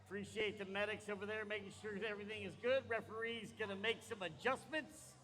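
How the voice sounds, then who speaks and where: A man's voice: high voice, steady tone, fast talker, pushed and bright. Upbeat male derby announcer in an arena. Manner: joking, easygoing banter. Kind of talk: live play-by-play commentary. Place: large arena. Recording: reverberant arena PA sound.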